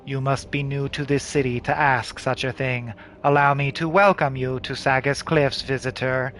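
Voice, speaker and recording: A man voicing an eerily polite, smiling soldier in a video game, speaking low, soft and measured. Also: little pitch movement, a little hiss or hum, natural voice. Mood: courteous.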